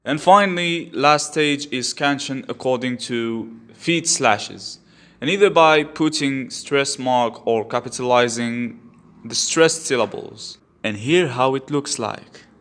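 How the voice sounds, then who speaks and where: A man's voice: mid-range voice, takes it slowly, fairly bright tone. A man teaching a poetry lesson step by step, patiently explaining each stage and repeating key terms. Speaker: English literature teacher.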